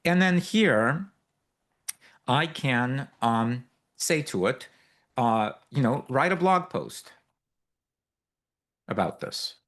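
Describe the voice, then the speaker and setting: A man teaching a live workshop, walking through a software demo in a loose, explanatory way with many fillers and asides. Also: mid-range voice, animated, drawn-out words, long pauses. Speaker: workshop instructor. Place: workshop room with a live audience.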